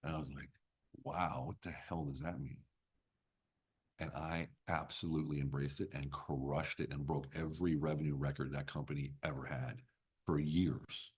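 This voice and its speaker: A man's voice: a bass voice, flat delivery, normal speed, slightly rough. A man in his fifties, a business coach telling stories as a podcast guest, blunt and emphatic with casual swearing. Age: 50s. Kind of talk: podcast interview storytelling.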